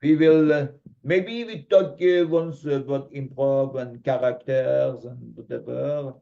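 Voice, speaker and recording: A man's voice: mid-range voice, fairly even intonation, measured pace, creaky, mellow. A man with a French accent hosting a casual conversational podcast, speaking earnestly and reflectively, turning playful as he wraps up. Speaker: host. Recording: muffled lo-fi audio.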